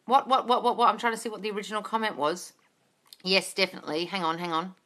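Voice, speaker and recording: A woman manifesting coach hosting a casual live Q&A, gushing and excitable, calling listeners darling and swearing freely. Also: mid-range voice, fast talker. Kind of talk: casual live-stream Q&A, reading viewer comments.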